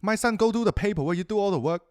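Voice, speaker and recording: A man voicing a middle-aged immigrant father who fumbles through halting speech full of hesitations before bossing his son around. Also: sits high, a little mellow, clean tone, no room sound, clean studio sound, voice pushed up, natural voice. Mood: fumbling. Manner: halting, full of uhs and ums.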